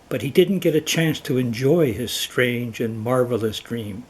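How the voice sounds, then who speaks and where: A man telling a children's animal folktale in a slow, expressive storytelling manner. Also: mid-range voice, slightly rough.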